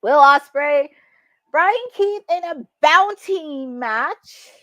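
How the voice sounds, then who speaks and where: A woman hosting a live watch-along, chatting excitably and laughing often as she reacts to the action. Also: sits high, very slow, no room sound, lo-fi sound. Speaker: host.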